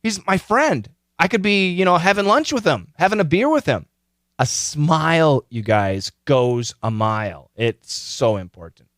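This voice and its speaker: A man hosting a podcast, giving casual advice in an animated, explanatory way. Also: measured pace, no room sound, studio quality. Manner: animated, explanatory, pitch leaping on key words. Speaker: podcast host.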